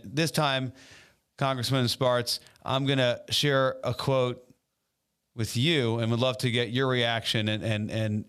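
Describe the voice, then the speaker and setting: A man's voice: mid-range voice, fairly bright tone, smooth. A man hosting an interview podcast, formal but stumbling over repeated words. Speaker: podcast host.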